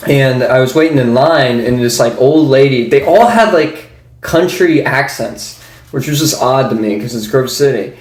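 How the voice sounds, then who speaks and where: A man's voice: medium pitch, moderate pace. A young man co-hosting a casual podcast chat, laughing often and mimicking people in his stories. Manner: laughing storyteller, imitates people he met. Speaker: podcast co-host. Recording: roomy echo.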